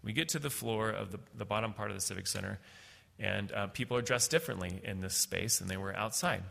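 Middle-aged man, gravelly and bright, halting storyteller with a long hall echo. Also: fairly low pitch. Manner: halting, many fillers and restarts. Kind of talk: personal storytelling.

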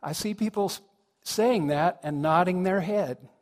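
A man's voice: high voice, a little slow. Reflective man preaching in a reverberant hall. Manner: reflective, conversational, asks the congregation questions. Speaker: minister. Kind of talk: sermon. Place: congregation hall.

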